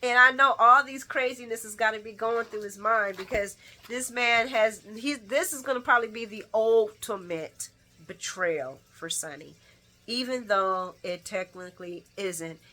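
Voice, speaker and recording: A woman hosting a casual daily soap opera recap, telling the story in an animated way and acting out characters' lines. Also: on the high side, unhurried.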